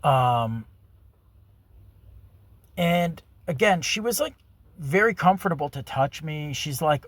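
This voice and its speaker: A man's voice: a little high, slow pace, long pauses, fairly bright tone, dry recording. A man telling a personal story in a rambling, casual monologue full of fillers and crude language. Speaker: vlogger.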